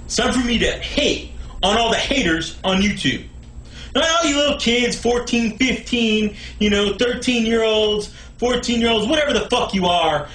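A man with a very high voice shouts a profane comedic rant straight to camera. His tone is sharp and piercing, and his frantic, worked-up delivery bounces around an echoey room. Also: moderate pace. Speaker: vlogger.

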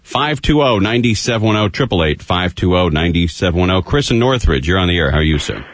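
A man hosting a live talk radio show from the studio, chatty and quick to laugh. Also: sits low, expressive, dry recording. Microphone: studio broadcast microphone.

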